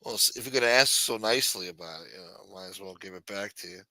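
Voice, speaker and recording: A man's voice: deep voice, fast, sharp tone, no room sound. A man hosting a livestream, telling stories in a rambling, profane, casual way. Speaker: livestream host.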